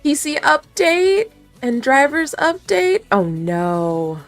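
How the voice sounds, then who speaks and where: A woman's voice: high voice, very animated, takes it slowly, no echo, faint music behind. A young woman streamer chatting casually with her chat, rambling, giggling often and swearing offhand.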